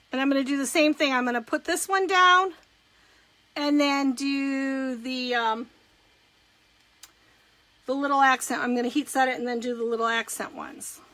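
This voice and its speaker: High bright-voiced woman demonstrating crafts. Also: rough recording. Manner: chatty, walks through each step, greets viewers. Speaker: craft demonstrator and direct sales consultant.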